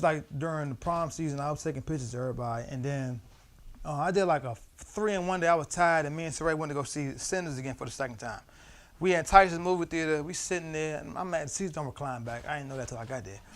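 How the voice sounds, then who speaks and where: A young man leading a church Bible study, telling loose personal stories with slang and frequent laughter. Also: a little high.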